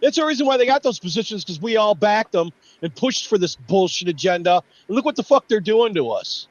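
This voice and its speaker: A man on a livestream rants in a fury, swearing and shouting down at politicians. His voice sits high and swings widely in pitch. The sound is dry and a little dull. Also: sing-song, a little fast, no room sound. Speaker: livestream host. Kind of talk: angry profane rant.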